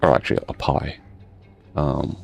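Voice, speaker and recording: Very deep gravelly man chatting casually. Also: flat delivery, a little slow, faint music behind. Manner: laid-back storytelling, swears, laughs often. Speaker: gaming streamer. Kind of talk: casual chat while playing a game.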